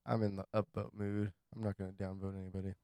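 A man's voice: low voice, level tone, fast talker, a crowd in the background. Jokey man in a casual chat. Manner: laughs easily, jokey, apologetic asides. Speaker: podcast co-host. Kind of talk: casual chat over beers.

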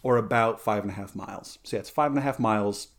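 A man's voice: lowish voice, fast talker. A man hosting a casual podcast chat, playful and rambling, with lots of fillers, self-corrections and side tangents. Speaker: podcast host.

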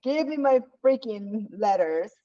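A woman from France, chatting casually, laughing often and pausing on fillers. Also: mid-range voice, lively intonation, lo-fi sound. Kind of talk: casual comedic chat.

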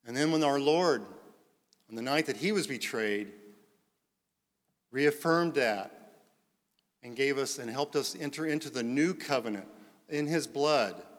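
A man reading scripture aloud and preaching in a slow, deliberate way that swells into loud, fervent proclamation, recorded in a church sanctuary. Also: medium pitch, animated. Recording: long reverb of a large church hall.

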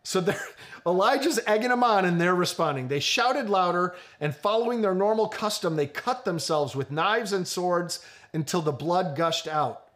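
High-voiced animated male pastor preaching. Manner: animated, joking, addresses congregation directly. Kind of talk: sermon.

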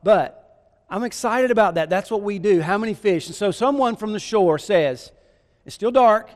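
A preacher with a high voice tells the story vividly and keeps asking his listeners questions. His voice rings out in a large church hall with a long reverb. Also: a little fast. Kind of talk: sermon.

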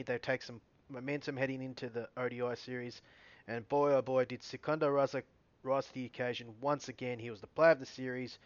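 Male cricket vlogger, mid-pitched, self-correcting stats recap, dull home mic. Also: dry recording. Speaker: cricket video host. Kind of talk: casual solo cricket recap.

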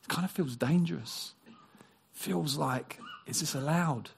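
A man preaching a sermon, animated, acting out quoted voices and dropping into hushed, near-whispered passages. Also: fairly high pitch, unhurried, gravelly, slight background noise. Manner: animated, acts out quoted voices, drops to a hush.

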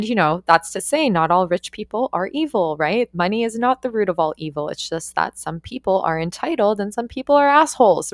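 A woman's voice: fairly low pitch, no room sound, clean studio sound. A young woman who works on yacht crew, telling a story casually with lots of swearing and "like" fillers. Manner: profane, animated, frequent "like" fillers.

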